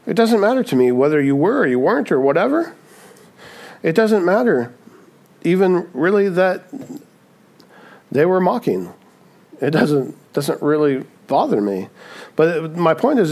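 Pastor, male, slightly high voice, chatty preaching with rhetorical tags. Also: very animated, normal speed, long pauses, a little mellow. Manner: acts out quoted voices. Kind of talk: sermon.

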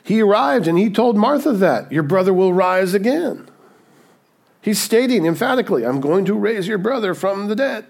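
A man delivering a sermon in an easy, conversational teaching voice that keeps checking in with his listeners. His delivery swings widely, climbing to emphatic, raised peaks and sinking to hushed, low moments. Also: lively intonation, moderate pace, creaky. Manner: conversational, checks in with "okay?" and "right?". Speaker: pastor.

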